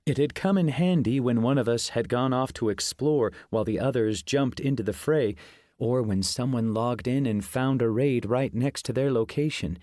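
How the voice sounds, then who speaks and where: A man narrating a fantasy audiobook in the first person. His storytelling is steady and even, in a middle pitch. The recording is dry and close. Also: moderate pace, dry recording.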